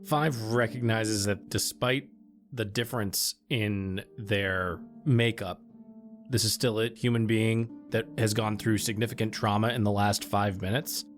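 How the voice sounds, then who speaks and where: A man describes what his character does at a tabletop game, thoughtful and gentle. His voice runs a little low, and faint guitar music plays behind him. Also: steady tone, a little slow. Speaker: player.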